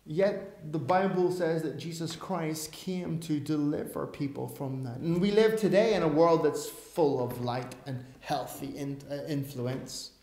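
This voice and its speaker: Male pastor, slightly high voice, emphatic delivery with wry asides, recorded in a reverberant church. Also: measured pace, few pauses, darkish tone. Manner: emphatic, with self-aware asides. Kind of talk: sermon. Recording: roomy church echo.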